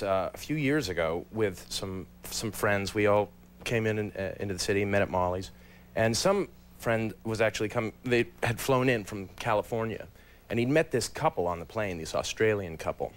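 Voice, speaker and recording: A man's voice: on the low side, normal speed. A man in his thirties, a guest actor telling a self-deprecating story on a talk show.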